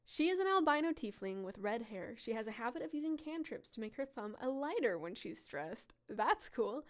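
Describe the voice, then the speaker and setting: A woman's voice: fairly high pitch, sing-song, normal speed. Giggly woman hosting a live stream. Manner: laughs often, chatty with viewers. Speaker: live-stream storyteller host. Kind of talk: casual live-stream reading.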